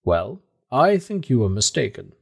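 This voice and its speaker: A man's voice: mid-range voice, unhurried, creaky, husky, full character voice. A man doing an unflappable old professor. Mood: calm. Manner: calm, matter-of-fact, self-assured. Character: older male professor, calm and unshakable.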